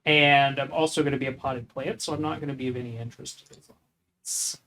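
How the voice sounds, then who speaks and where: A man's voice: medium pitch, steady tone, quick pace, sharp tone, poor audio. A man playing a tabletop role-playing game, wry and reasoning out his moves aloud. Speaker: player. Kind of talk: casual tabletop game play.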